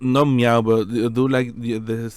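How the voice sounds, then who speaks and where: A man's voice: mid-range voice, flat delivery, takes it slowly, clear, resonant tone, no echo. A man co-hosting a podcast in casual chat, laughing often and swearing, with some non-native phrasing. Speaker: podcast co-host.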